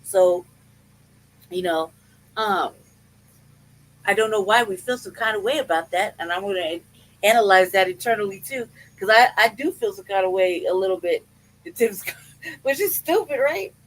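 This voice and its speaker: Expressive and fairly bright, this medium-pitched podcast host speaks at normal speed but leaves long pauses. Their casual rant is full of profanity and laughter as they second-guess their own feelings aloud. The audio is poor.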